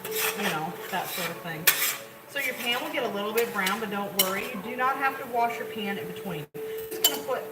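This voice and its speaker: A home cook with a medium-pitched, lively voice moves fairly quickly, chatting away to viewers as she rambles through a recipe. Her kitchen sounds echoey, the mic is distant, and cooking noise is loud in this casual tutorial.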